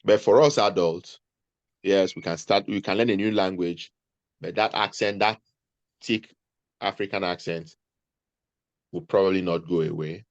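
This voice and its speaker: A man's voice: low voice, measured pace, long pauses, no echo, highs cut off. A man, speaking as an interview guest, earnestly giving advice and often restarting his sentences. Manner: earnest, advising, repeats himself mid-sentence. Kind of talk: conversational interview.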